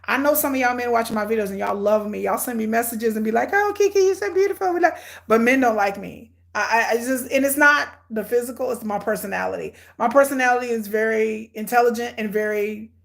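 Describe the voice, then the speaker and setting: A middle-aged woman giving blunt, sarcastic, animated commentary on a reality show she is watching. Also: a little high, brisk, gravelly, hardly any pauses. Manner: hyperactive and energetic. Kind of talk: casual live watch-along commentary.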